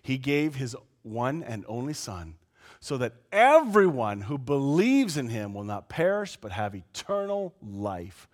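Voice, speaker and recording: A pastor preaching a sermon, swinging between loud, exasperated outbursts and quiet, low asides. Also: male voice, sing-song, unhurried. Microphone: lapel mic.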